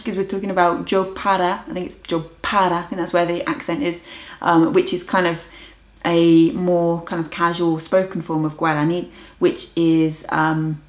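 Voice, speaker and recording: Chatty woman vlogging in a roomy space. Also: on the low side. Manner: chatty, enthusiastic, practicing foreign words aloud. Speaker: language learning vlogger. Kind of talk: casual vlog talk. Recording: roomy echo.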